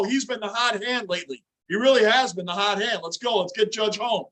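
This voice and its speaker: With a forceful, bright, high-pitched voice, this middle-aged host runs a casual sports fan stream at a brisk clip. He's animated and chatty, cheering the team, reading comments out loud and fielding viewers' questions.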